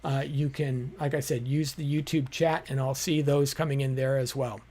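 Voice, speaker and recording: A man's voice: medium pitch, steady tone, normal speed, darkish tone. A man hosting a live-streamed teaching show, explaining his points in a conversational way with frequent fillers.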